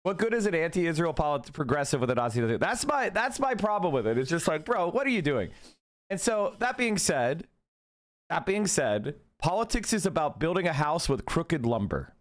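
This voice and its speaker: A man's voice: fairly high pitch, very animated, normal speed. A man streaming a heated political rant, profane and exasperated, firing off rhetorical questions.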